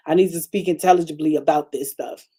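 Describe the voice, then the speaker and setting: A woman pastor preaching a conversational broadcast sermon, chatty and animated, repeating phrases and calling out to her congregation. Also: deep voice, fast talker, slightly rough. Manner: chatty, repetitive, calls out to the congregation; animated preaching with frequent restarts.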